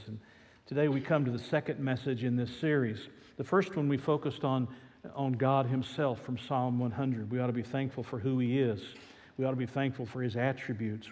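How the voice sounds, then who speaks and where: A man preaches an earnest sermon, weaving in humorous stories. His voice sits at an average pitch. A long reverb from a large hall follows his words. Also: dark tone. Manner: storytelling, earnest. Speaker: pastor.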